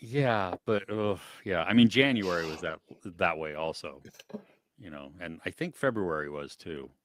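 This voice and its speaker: A man's voice: low-pitched, unhurried, slight background noise. A man co-hosting a live movie chat stream, greeting viewers by name and laughing often. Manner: animated, laughs often, reads chat names.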